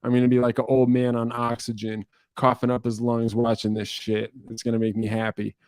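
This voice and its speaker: A young man from New Jersey chats through viewer questions in a loose, rambling way. He swears freely and pokes fun at himself. His voice is mid-pitched, and it sounds dry and close with no room echo. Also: monotone, a little fast, darkish tone. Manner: rambling, profane, self-deprecating. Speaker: musician answering viewer questions. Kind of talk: casual livestream Q&A.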